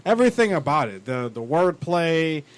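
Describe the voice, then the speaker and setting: A man's voice: on the high side, big pitch swings, moderate pace. A man co-hosting a casual chat show, rambling with many restarts, swearing and laughing as he talks. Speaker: podcast co-host.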